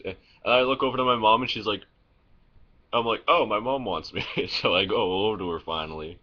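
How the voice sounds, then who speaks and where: A man's voice: fairly low pitch, brisk, pushed and bright, lo-fi sound. A young man vlogging in a casual, rambling way, telling stories full of fillers, restarts and swearing, recorded on a phone. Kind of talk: casual vlog storytelling.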